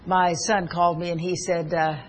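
A woman's voice: on the low side, little pitch movement, normal speed. An older woman delivers a sermon in an earnest, personal way. She weaves scripture together with stories from her own family. A faint noise sits behind her voice. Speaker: preacher.

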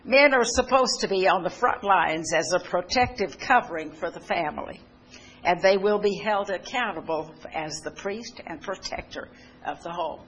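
A woman's voice: fairly low pitch, normal speed, fairly bright tone, dull audio, slight background noise. An older woman giving a sermon-style talk, telling homespun stories in a conversational way with restarts and asides. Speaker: speaker giving a testimony talk. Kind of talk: sermon-style personal storytelling.

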